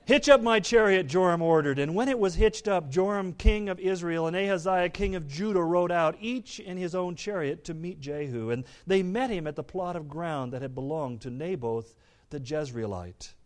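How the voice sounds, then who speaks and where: A man preaching a sermon, reading scripture aloud and explaining it, turning dramatic and loud on the quoted speech. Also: on the high side, normal speed.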